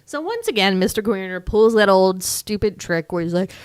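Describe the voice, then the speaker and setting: A woman co-hosting a podcast, recapping a movie in casual chat with sarcastic asides and quick character impressions. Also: medium pitch, expressive. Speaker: podcast co-host.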